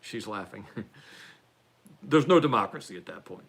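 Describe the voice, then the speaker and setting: A man's voice: fairly low pitch, expressive, normal speed, vocal fry, fairly bright tone, breathy edge. A man hosts a loose, unscripted political chat on a live stream. He rambles, restarts his sentences and pokes fun at himself. His voice rises and falls a lot as he talks. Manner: rambling, self-deprecating, frequent restarts and fillers. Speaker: podcast host.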